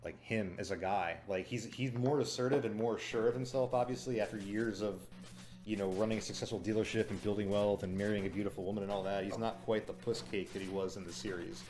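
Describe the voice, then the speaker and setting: A man with a fairly low voice talking through a show review in a loose, rambling way. He is cynical and chatty, full of "like" and "you know". Faint music plays behind him. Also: fairly even intonation, fast, darkish tone. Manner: chatty and cynical, mimics lines he quotes. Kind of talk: casual spoken review.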